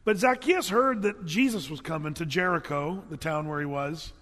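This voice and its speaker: A man with a high voice preaches a sermon, retelling Bible stories with animated, folksy asides. His voice rings out with a long hall reverb. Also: moderate pace. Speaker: pastor.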